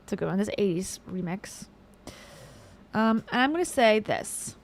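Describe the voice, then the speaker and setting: A woman's voice: medium pitch, expressive, normal speed. A woman hosting reaction commentary, sarcastic and playful as she mocks the clips she plays. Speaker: commentary host.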